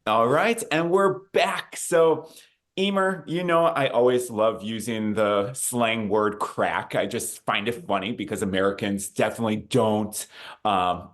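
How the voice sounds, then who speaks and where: A man's voice: fairly low pitch, a little slow, fairly bright tone. Upbeat man hosting a travel chat. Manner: upbeat, promotional, chatty. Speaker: travel show host. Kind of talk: casual interview hosting.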